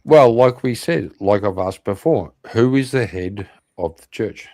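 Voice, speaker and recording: A man with an Irish accent hosting an online interview show, chatting casually, animated and swearing freely. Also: fairly low pitch, a little slow, no room sound, studio quality. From Ireland. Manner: animated, swears a lot, laughs often. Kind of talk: casual livestream chat.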